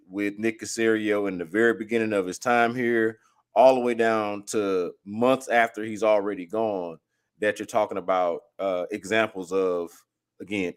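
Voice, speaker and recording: A man's voice: lowish voice, clear, resonant tone. A man co-hosting a sports talk show, building a long, emphatic argument in a casual way. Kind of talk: casual chat.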